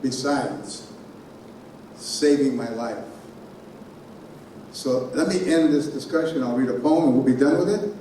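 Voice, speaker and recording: A man giving a keynote speech in a conference hall, telling a personal story in an animated way and sounding out noises himself. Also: medium pitch, a little slow, long pauses, a little hiss or hum. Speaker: keynote speaker. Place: conference hall on a college campus. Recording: very echoey hall from far off.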